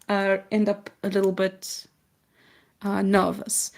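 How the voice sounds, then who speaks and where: A woman in easy conversation during a paint-along stream. She is talkative and quick to poke fun at herself, and she moves loosely from topic to topic. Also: mid-range voice, level tone, creaky. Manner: chatty, self-deprecating, jokey. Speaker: co-host of an art livestream. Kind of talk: casual chat while painting.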